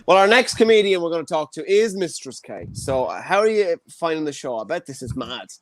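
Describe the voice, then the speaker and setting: A man, hosting a comedy podcast in lively, joking chat. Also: on the high side, fairly quick. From Ireland. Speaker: podcast host.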